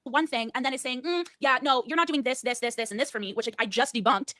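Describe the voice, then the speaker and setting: A woman streamer ranting angrily, profanely and fast about a cancelled debate. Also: sits high, a bit bright, no echo, studio quality. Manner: angry, profane, rapid-fire. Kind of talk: heated rant.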